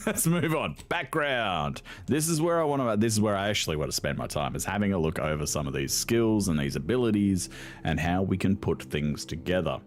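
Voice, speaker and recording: A man's voice: low voice, lively intonation, normal speed. A young man commentating on a video game in a casual, sarcastic way, swearing freely and laughing often. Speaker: gaming video host.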